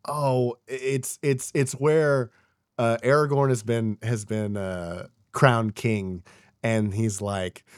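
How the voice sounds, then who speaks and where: A man's voice: mid-range voice, fairly even intonation, takes it slowly, clear, resonant tone. A young man co-hosts a podcast in loose, casual chat. He rambles through his story with plenty of fillers and frequent swearing. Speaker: podcast co-host.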